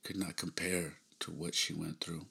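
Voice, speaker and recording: A man in his thirties hosting a podcast, telling a personal story in a subdued, halting way with frequent sighs. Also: sits low, little pitch movement, gravelly, pushed and bright, husky. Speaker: podcast host.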